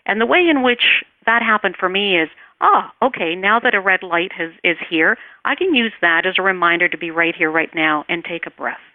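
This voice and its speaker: A woman teaching meditation in an interview, speaking calmly and soothingly, and her voice trails off softly as she guides the breathing. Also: fairly low pitch, normal speed, few pauses, dry recording. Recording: tinny phone line, dry.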